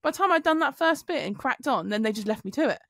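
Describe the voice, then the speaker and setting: A woman on a podcast, telling an animated story with swearing. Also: high voice, fast talker, no echo, studio quality. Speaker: podcast co-host. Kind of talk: casual chat.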